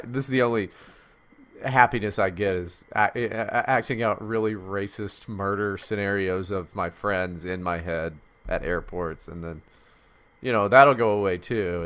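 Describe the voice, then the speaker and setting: A man's voice: low voice, a bit bright, clear, resonant tone. A man co-hosting a podcast, rambling and profane, riffing in casual comedic bits. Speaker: podcast co-host.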